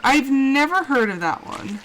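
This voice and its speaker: A young woman with a high voice and lively intonation chats unhurriedly while livestreaming a game, with game music in the background. She's gushing and emotional, laughing often and exclaiming a lot.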